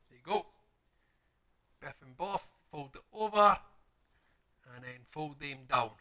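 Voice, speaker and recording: Slow-talking playful man. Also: on the high side, lively intonation, sharp tone. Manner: playful, mutters to himself, makes silly sound effects. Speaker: paper model builder. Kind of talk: chatty build commentary.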